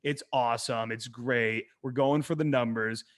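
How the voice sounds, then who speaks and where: A man, a dating coach, talking casually on a podcast, an animated and profane storyteller who acts out quotes in a hushed voice. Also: medium pitch, normal speed. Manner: profane, emphatic.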